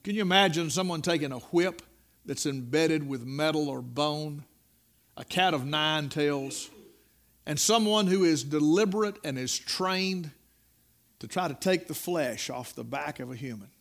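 Folksy preacher, bright high voice. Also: male voice, animated, measured pace, gravelly. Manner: folksy, dramatic storytelling, rising to loud peaks. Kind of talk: sermon with personal story.

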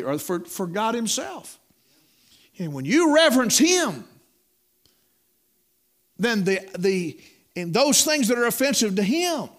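A middle-aged man delivers a sermon, swooping up and down in a lively, high-pitched voice. He talks in a folksy storytelling way, stumbling over and repeating words and calling out "my friend.". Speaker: preacher.

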